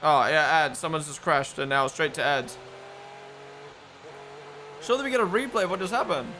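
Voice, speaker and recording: A man live-streaming a race watch-along, chatting with viewers in an excitable, casual way. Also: on the high side, moderate pace. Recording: broadcast race audio noise behind. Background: race broadcast audio playing.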